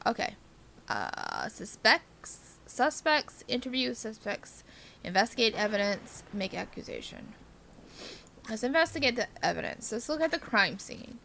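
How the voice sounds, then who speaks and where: A woman's voice: a little high, very animated, a little slow, vocal fry, fairly bright tone, slight background noise. A woman hosting a casual let's-play, chatting and reading game text aloud with giggles. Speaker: gaming video host.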